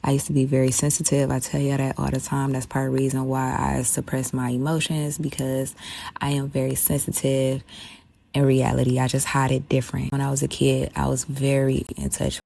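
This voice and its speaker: A young adult woman, telling a blunt, profane, animated story while doing her makeup. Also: extremely low pitch, a little fast, gravelly. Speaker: beauty vlogger. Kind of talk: casual storytime chat.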